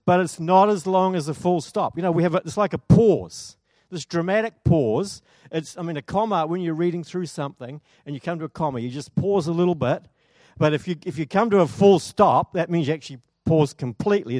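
A man's voice: fairly high pitch, a little fast, a little mellow, no room sound, clean studio sound. A man preaching a sermon in a church, chatty and enthusiastic, often asking the congregation questions.

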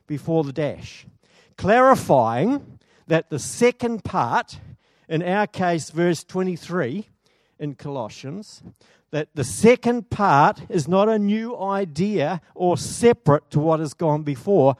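A man's voice: fairly high pitch, no echo, clean studio sound. Chatty, enthusiastic male preacher. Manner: chatty, enthusiastic, asks the congregation questions. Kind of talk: sermon. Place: church.

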